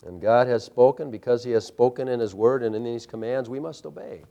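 A man's voice: medium pitch, fairly quick, gravelly, mellow. A man preaching a sermon, emphatic and building with repeated phrases. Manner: emphatic preaching with rising intensity and repetition. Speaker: pastor.

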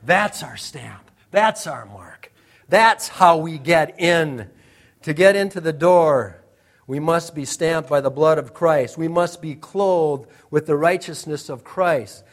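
A man's voice: on the high side, slow. A man preaching a sermon as pastor, emphatic and repeating phrases for effect.

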